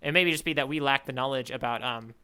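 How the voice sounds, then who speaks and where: Bright, clear-voiced man rambling casually. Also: mid-range voice, fast. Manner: rambling, self-interrupting, musing aloud. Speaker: podcast co-host. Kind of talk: casual chat.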